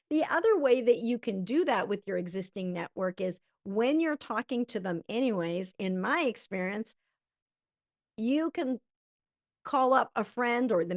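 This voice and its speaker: A woman teaching a health coaching lesson who acts out sample conversations with lively energy. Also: a little high, dry recording, studio quality.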